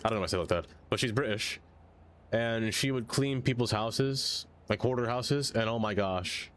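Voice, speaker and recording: Playing a city-building game on stream, a man with a lowish voice chats and rambles a little fast, easily pulled off track by his chat.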